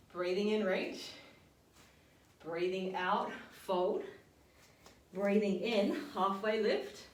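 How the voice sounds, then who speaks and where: A woman's voice: medium pitch, recorded from a distance, a little hiss or hum. Woman cueing a workout in a roomy space. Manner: calm step-by-step cueing with breath counts. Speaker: fitness and yoga instructor. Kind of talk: guided workout instruction. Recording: roomy sound, voice off-mic.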